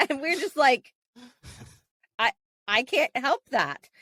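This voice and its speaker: A woman, co-hosting a podcast as a casual, animated storyteller who laughs often. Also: high voice, slow pace, long pauses, no room sound. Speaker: podcast co-host. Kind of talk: casual chat.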